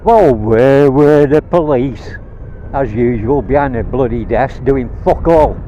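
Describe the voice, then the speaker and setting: A man's voice: mid-range voice, takes it slowly, dark tone, muffled recording, slight background noise. A man from Rhodesia, a vlogger, ranting bluntly and swearing while riding a motorbike, recorded on a helmet mic. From Rhodesia (now Zimbabwe). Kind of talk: angry rant while riding. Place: on a motorbike outdoors.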